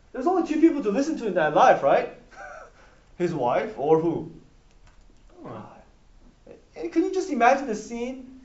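High-voiced preacher in an echoey room. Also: male voice. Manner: call-and-response, animated, asks the room to finish verses. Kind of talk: sermon. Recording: echoey room, dull lo-fi sound.

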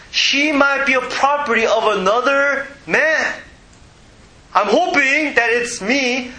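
A man preaching a casual sermon, often pausing to ask his listeners to fill in the missing word. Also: sits high, bright, forceful tone, slight background noise, low-quality recording. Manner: asks the audience to fill in words.

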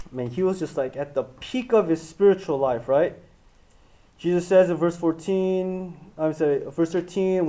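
High-voiced man teaching scripture, lo-fi. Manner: animated storytelling, acting out quotes with shifting loudness. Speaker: pastor. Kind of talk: casual Bible teaching to a small group. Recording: dull lo-fi room recording.

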